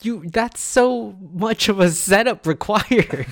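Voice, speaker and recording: A man's voice: high-pitched, slow, no echo, clean studio sound. A young man in a casual podcast chat, joking and laughing often. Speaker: podcast co-host.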